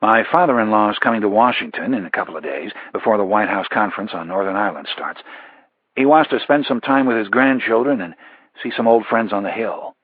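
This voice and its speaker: Brief: wry understated spy, husky voice, read by a man, dry close sound. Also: fairly low pitch, expressive, fairly quick, dry recording, phone-quality sound. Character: sardonic male spy, dry wit.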